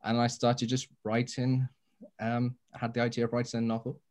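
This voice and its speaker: A man's voice: medium pitch, completely flat delivery, moderate pace, a little mellow. A young man, a romance author, talking in a modest, easygoing way with lots of ums on a panel. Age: young adult. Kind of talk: casual panel chat on a video call.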